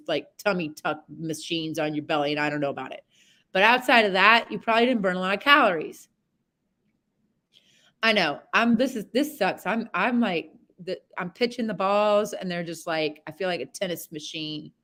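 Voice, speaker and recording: A woman's voice: on the low side, a bit bright. A woman horsemanship coach talking a student through a live session over a video call, rambling, chatty and candid, with some mild swearing.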